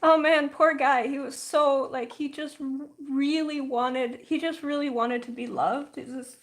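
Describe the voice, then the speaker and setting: A woman's voice: high voice, steady tone. A woman hosting a casual livestream, chatting and telling stories with lots of "like" fillers. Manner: chatty, frequent "like" fillers, storytelling; slow, thoughtful explaining. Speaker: livestream host.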